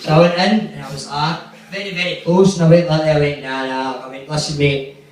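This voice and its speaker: A man's voice: a little high, quick pace, very echoey, distant mic, poor audio. A man with a Glaswegian accent doing stand-up, telling profane, rambling stories and acting out the quotes. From Glasgow, Scotland. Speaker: stand-up comedian. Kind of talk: stand-up storytelling. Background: audience laughter.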